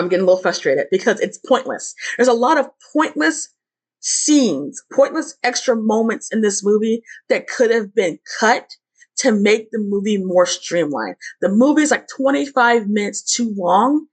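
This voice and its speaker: A woman's voice: a little high, slightly rough. A woman giving a casual, rambling movie review, frustrated and full of restarts. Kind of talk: casual ranting film review.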